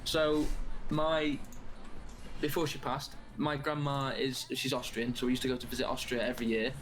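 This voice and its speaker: A man's voice: medium pitch, little pitch movement, moderate pace. A man, a streamer guest telling rambling stories with swearing in a casual podcast chat. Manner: rambling anecdotal storytelling with frequent swearing.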